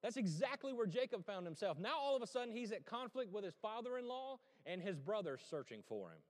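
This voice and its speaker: A man's voice: high voice, brisk, in a large hall. A male pastor preaching a sermon, telling a story and asking his listeners questions. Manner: storytelling, animated, asks the crowd questions. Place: church sanctuary.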